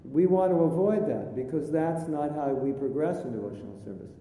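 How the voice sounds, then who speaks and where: A man as spiritual teacher giving a chatty sermon with jokes, in a live recording from an echoey hall with a faint rumble. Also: fairly quick, mellow. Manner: chatty storytelling, jokey asides.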